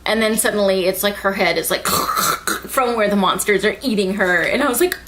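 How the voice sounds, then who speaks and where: A young woman rambling excitedly through an anime recap, full of "like" and swearing. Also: medium pitch, quick pace. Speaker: anime reviewer.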